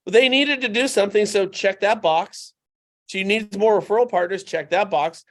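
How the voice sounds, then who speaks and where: A man with a fairly high voice talks as a guest on a casual podcast. He tells stories with animation and drives points home by repeating them. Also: normal speed. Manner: animated anecdotal storytelling; emphatic, repeats points for effect.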